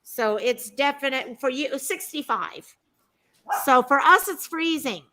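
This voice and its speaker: A woman's voice: lively intonation, a little slow, sharp tone. A woman hosting a casual livestream chat from home, talking to viewers and her pets. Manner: chatty, talks to her pets in a high sing-song voice. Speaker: livestream host.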